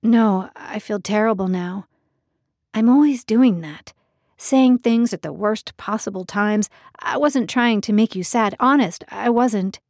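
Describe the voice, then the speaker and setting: A woman's voice: medium pitch, a little slow, darkish tone, dry recording, clean studio sound, close to an everyday voice. A woman voicing a nervous, apologetic young man in an audiobook, eager and fretful as he talks. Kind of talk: audiobook character voice.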